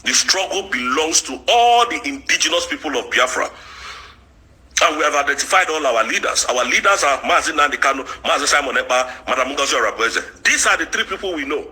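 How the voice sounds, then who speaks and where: Furious high-pitched man ranting. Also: very animated, a little fast, rough recording. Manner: shouting insults, heated and scolding. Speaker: political commentator. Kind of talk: angry ranting monologue.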